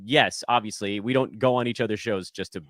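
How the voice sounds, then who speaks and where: A man hosting a podcast in casual chat, animated, laughing easily and poking fun at himself. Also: on the low side, brisk, dry recording, studio quality. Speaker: podcast host.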